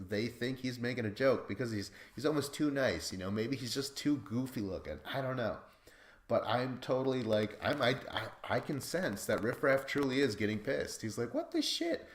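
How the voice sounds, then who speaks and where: A man's voice: medium pitch, roomy sound. A man hosting a podcast recap in casual, rambling chat, swearing and laughing at himself. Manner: rambling, profane, self-deprecating, laughs often. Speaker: podcast host.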